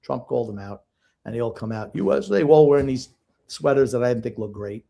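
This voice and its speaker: A man's voice: medium pitch, animated, a little fast, gravelly, warm tone. An older man co-hosting a sports podcast, blunt and emotional in casual chat. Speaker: podcast co-host.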